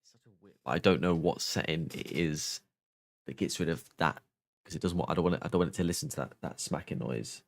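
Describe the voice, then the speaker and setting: A man with a very low voice talks casually while testing a new microphone up close. He thinks aloud and walks through his settings one step at a time. The sound is dry, with no room echo. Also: brisk, vocal fry. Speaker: streamer. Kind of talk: casual mic test chat.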